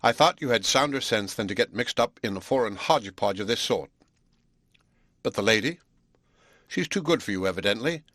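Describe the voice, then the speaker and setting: Audiobook: male reader as a gruff proud Englishman, brusque and scolding, lowish voice, dry sound. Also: animated, moderate pace, pauses often, fairly bright tone, dry recording. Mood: blunt.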